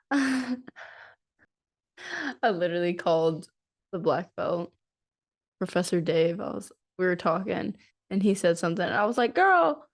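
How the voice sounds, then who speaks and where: A woman's voice: lowish voice, measured pace, long pauses. A young woman with a Southern US accent, co-hosting a podcast in casual chat. She laughs a lot and drops into playful quoted voices. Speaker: podcast co-host.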